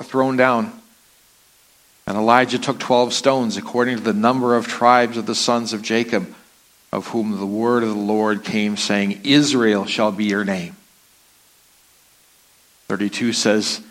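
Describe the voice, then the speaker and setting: A man's voice: medium pitch, a bit bright. A man preaching a sermon, reading scripture aloud with dramatic rises and falls.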